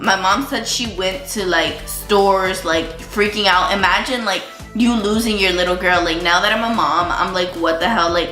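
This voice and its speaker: A young woman chats through a casual storytime while doing her makeup at home, filling every pause with likes and ums. Her voice is bright, and she says she is feeling sick. The room rings with echo, and faint music plays underneath. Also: fairly low pitch. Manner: chatty, lots of likes and ums. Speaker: vlogger.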